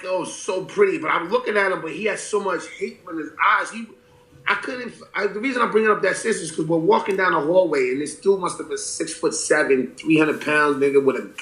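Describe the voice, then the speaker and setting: Profane storytelling man, roomy echo. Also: on the high side. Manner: animated storyteller, profane, acts out quotes. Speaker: rapper guest. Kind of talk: casual storytelling interview.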